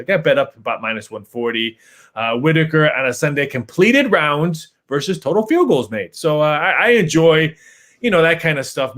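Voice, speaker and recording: A man co-hosting a sports podcast, talking through betting lines in a halting way, with lots of fillers. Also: mid-range voice, fairly bright tone. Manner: halting, many fillers and restarts. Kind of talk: casual podcast chat.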